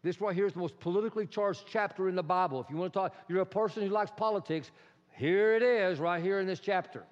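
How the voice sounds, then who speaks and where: Higher-voiced male preacher, animated, loud-to-hushed swings, dull recording. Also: quick pace. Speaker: pastor. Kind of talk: sermon. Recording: dull sound in a reverberant hall.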